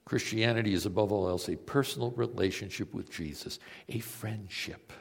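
A male preacher delivering a sermon, telling stories and moving between emphatic peaks and quiet, low passages. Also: normal speed, gravelly, slightly rough, long reverb tail.

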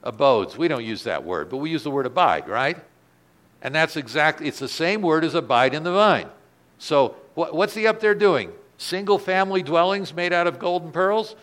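A male pastor preaching a sermon in a church, dropping his voice soft and then swelling loud for emphasis. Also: fairly high pitch, expressive, normal speed.

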